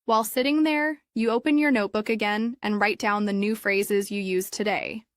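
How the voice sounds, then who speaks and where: A woman calmly narrating a story for English learners in clear, evenly paced scripted narration. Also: mid-range voice, moderate pace, dry recording, studio quality.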